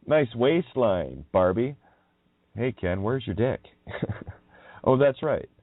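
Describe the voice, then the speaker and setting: A man's voice: medium pitch, expressive, slow pace, no echo. A man hosting a radio show, delivering a rambling, profane monologue in a mocking manner, chuckling between sing-song wordplay. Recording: tinny phone-like audio.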